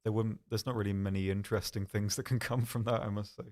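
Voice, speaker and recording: A young man talks through a casual live stream, reading out viewers' questions and answering them one by one. His voice sits a little low and stays soft and calm, and his delivery is dry and self-deprecating. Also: fast.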